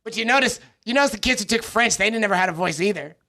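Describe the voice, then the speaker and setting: A man's voice: high-pitched, animated, fast, sharp tone. A man co-hosting a martial arts podcast, chatting casually and riffing with jokes and teasing. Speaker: podcast co-host. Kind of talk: casual chat.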